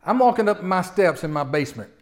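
A man in his forties delivers a sermon to his congregation. His voice sits a little high, and he shifts between soft, confessional storytelling and loud, fervent preaching. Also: expressive, quick pace. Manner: swings from hushed storytelling to loud impassioned preaching. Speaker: pastor.

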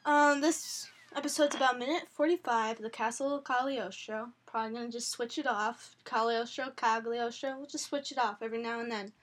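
A woman's voice: a little high, fairly quick, hardly any pauses. A young woman co-hosting a podcast, rambling and giggly in casual chat. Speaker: podcast co-host.

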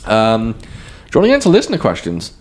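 A man co-hosting a podcast in casual chat, talkative and quick to laugh. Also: on the low side. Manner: chatty, laughs easily, lively delivery. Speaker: podcast co-host.

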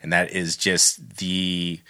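A man's voice: sits low, little pitch movement, slow, bright, forceful tone. A man co-hosting a podcast in laid-back, profane, analytical chat. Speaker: podcast co-host.

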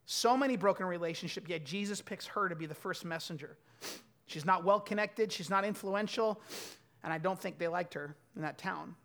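A man in his thirties preaching a sermon, telling stories and swinging from loud bursts to quiet asides. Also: sits high, moderate pace. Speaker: pastor.

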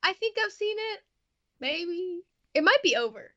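A woman from Canada answering a casual quiz in a steady, soft-spoken way. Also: extremely high pitch, unhurried, dull audio. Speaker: quiz contestant. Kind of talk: casual chat.

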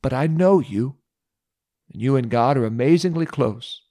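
Martha, a grieving woman of deep faith, earnest and pleading, as a preacher puts her on in his own middle-pitched voice. She speaks in short, heartfelt lines of a retold Bible story. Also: animated, normal speed, warm tone, lightly acted.

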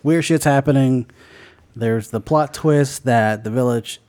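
A man's voice: mid-range voice, a little slow, darkish tone. A man co-hosting a podcast, casually telling a made-up movie ending, joking and swearing, often laughing mid-sentence. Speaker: podcast co-host.

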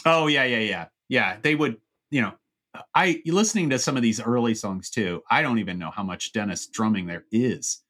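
A Southern California man co-hosts a podcast, chatting casually about music in a mid-range, expressive voice at a moderate pace with a fairly bright tone. He rambles, full of fillers and restarts.

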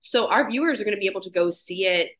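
Bright-voiced woman interviewer. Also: medium pitch, lively intonation. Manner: affirming, quick to laugh, asks leading questions. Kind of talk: interview chat.

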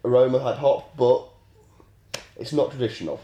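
Calm podcast co-host with a cold. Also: male voice, medium pitch, lo-fi sound. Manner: measured, explains calmly. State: head cold, stuffy. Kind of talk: casual chat. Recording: roomy sound.

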